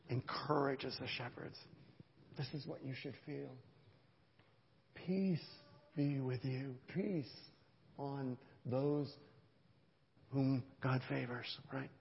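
A man preaching a sermon as pastor, emphatic, swelling louder on key points and often checking in with "right?". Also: fairly high pitch, vocal fry, in a large hall, lo-fi sound. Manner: emphatic, rises in volume for key points, frequent "right?" asides. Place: church sanctuary.

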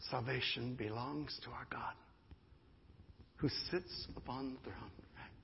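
Gravelly-voiced preacher in a reverberant church. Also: male voice, mid-range voice, measured pace, a little hiss or hum. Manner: emphatic, repeats key phrases, rises into fervent prayer. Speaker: pastor. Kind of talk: sermon. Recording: dull sound with long hall reverb.

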